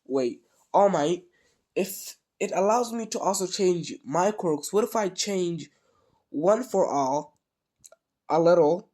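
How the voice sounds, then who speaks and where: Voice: medium pitch, slow, voice pushed up. A speaker with a cold voicing an eager, stammering teenage hero boy in a casual fan story. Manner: stammering, excited. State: sick with a cold.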